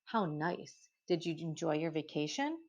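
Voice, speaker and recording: A woman voicing a kindly, shrewd older grandmother who asks gentle, probing questions. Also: low voice, animated, unhurried, exaggerated voice. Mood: gently probing. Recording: dull lo-fi recording.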